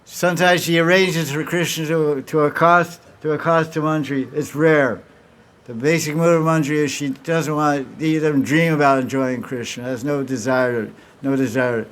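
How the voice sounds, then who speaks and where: Man telling devotional stories, a touch high. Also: fairly even intonation, moderate pace. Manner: acts out dialogue between characters in storytelling; frequent restarts and repeated words. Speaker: spiritual teacher. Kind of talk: devotional talk with questions.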